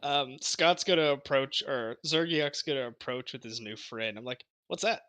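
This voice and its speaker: A man's voice: mid-range voice, normal speed, pushed and bright. A man playing in a tabletop game, making dry, wry remarks. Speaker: player.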